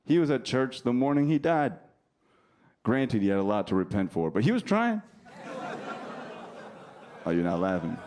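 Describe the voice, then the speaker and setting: A male comedian from New Jersey performing stand-up, teasing the crowd in a deadpan way while telling stories. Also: lowish voice, normal speed, long pauses, clear, resonant tone. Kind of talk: stand-up routine with crowd work. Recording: live club recording with audience noise. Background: audience laughter.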